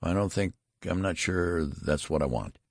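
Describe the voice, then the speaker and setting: A man's voice: low-pitched, expressive, measured pace, gravelly, no room sound, clean studio sound, full character voice. A man voicing a nervous, stammering father who turns stern and harsh. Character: flustered, harried new father, nervous and stern.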